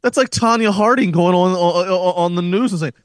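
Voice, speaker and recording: A man's voice: sits high, normal speed, dry recording, clean studio sound. A man co-hosting a podcast, talking about wrestling in a joking, mock-dramatic way. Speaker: podcast co-host. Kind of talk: casual wrestling talk.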